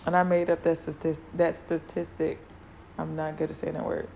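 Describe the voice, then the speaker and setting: A woman's voice: sits low, completely flat delivery, moderate pace, creaky, mellow, slight background noise. A woman hosting her own podcast, talking casually and earnestly, repeating key words to encourage her listeners. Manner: loose and conversational with filler words. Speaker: podcast host. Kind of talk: casual solo podcast talk.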